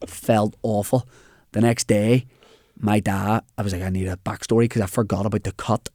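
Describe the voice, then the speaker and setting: A man's voice: lowish voice, moderate pace, no echo, studio quality. A young man with a Northern Irish accent, a comedian telling a funny story in casual chat. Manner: animated anecdote telling with quoted dialogue. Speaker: comedian guest.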